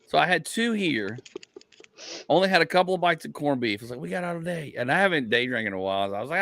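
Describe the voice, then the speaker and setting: A man, a comedian and podcast host, telling a rambling story in casual chat. He laughs at his own stories and his voice jumps up in pitch. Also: animated, a little fast, pushed and bright.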